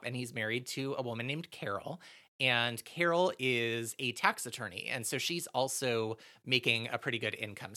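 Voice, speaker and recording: Chatty man with a bright voice. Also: medium pitch. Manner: chatty, many fillers and self-corrections. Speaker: podcast host. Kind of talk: casual true-crime storytelling.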